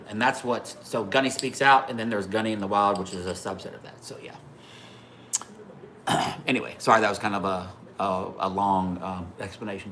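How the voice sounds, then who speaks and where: Bright-voiced man swearing through live anecdotes. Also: fairly low pitch, a little hiss or hum. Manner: talks to viewers by name between stories. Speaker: livestream host. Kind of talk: casual storytelling to a live chat.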